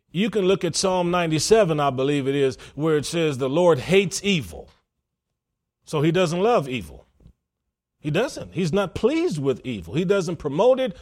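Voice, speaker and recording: A man preaching a sermon as pastor, stressing his points by repeating them. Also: on the high side.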